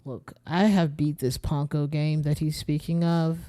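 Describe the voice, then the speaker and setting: Quiet wry game streamer. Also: medium pitch, flat delivery, unhurried. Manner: quiet, wry, reads item names aloud. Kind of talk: casual game commentary. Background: faint game music.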